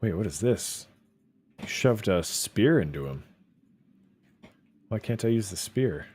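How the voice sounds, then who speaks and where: A man's voice: lowish voice, lively intonation, measured pace, a little mellow, husky. Chatty man commenting on a game. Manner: chatty, hesitant, wry. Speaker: gameplay streamer. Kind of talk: casual gameplay commentary.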